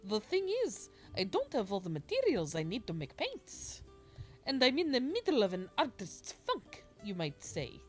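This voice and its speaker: Woman reading as a gentle machine-people artist. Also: medium pitch, huge pitch swings, normal speed, soft background music. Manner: reading game dialogue aloud in a put-on accent.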